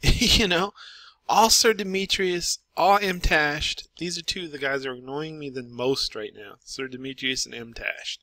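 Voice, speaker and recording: A man's voice: on the high side, moderate pace, pushed and bright, no room sound. A man giving an exasperated, repetitive ranting monologue as a gaming commentator.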